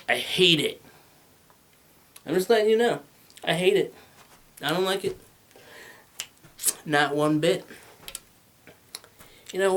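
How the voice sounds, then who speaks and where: A man doing stand-up comedy, rambling and profane, slipping into mock-angry rants and quick put-on voices. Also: fairly high pitch, vocal fry, a bit bright.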